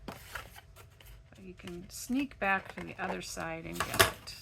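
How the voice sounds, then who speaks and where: A woman with a froggy, gravelly voice, chatting step by step through a crafting tutorial at her home craft desk. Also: lowish voice, slow, background noise. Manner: chatty step-by-step explaining while working. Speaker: craft channel host.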